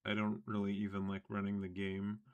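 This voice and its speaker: A man with a low voice is running a tabletop game. He talks casually and easily with his players before the session begins. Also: completely flat delivery, a little fast, lo-fi sound. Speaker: game master.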